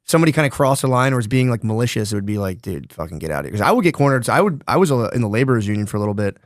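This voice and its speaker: A man from the Philadelphia area co-hosting a podcast, trading quick, profane, deadpan remarks in casual chat. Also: mid-range voice, dry recording, clean studio sound. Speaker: podcast co-host.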